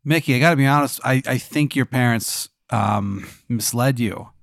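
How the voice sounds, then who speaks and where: A man playing his character in a comedic role-play game, incredulous and deadpan, full of questions. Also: medium pitch, normal speed, dry recording, clean studio sound. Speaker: player.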